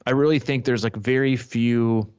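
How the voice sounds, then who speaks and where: A man's voice: mid-range voice, fairly even intonation, moderate pace, darkish tone, clean tone, no room sound, muffled recording. A man coaching triathletes, talking in a rambling casual way with frequent restarts. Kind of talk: casual podcast chat.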